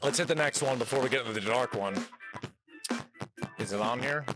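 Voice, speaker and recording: A man's voice: mid-range voice, a little fast, music in the background, low-quality recording. A man from New Jersey hosting a casual food-tasting vlog, chatty and wry as he jokes between bites. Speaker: host.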